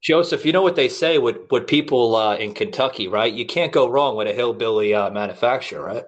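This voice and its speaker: A man with a New York accent hosts a casual podcast chat, teasing his guests with blunt jokes. His voice sits at a middling pitch. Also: fairly quick, dull audio. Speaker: podcast host.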